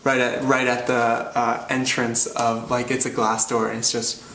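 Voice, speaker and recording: In a measured, fairly bright voice of medium pitch that barely rises or falls, a male comedian works through a rambling stand-up story at his own expense, heavy on fillers. A faraway mic in a roomy space catches him, along with a faint hum.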